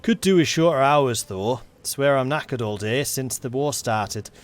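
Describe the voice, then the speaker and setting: A man voicing a gruff, blunt Yorkshire military policeman with a put-on Northern English accent, grumbling in a folksy way. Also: mid-range voice, measured pace, close to an everyday voice.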